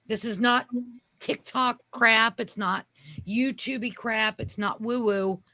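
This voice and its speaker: This co-host of a casual podcast chat is a woman with a fairly high, sharp, steady voice who speaks slowly. She's emphatic, and her sentences tend to trail off as she searches for words. There's no echo.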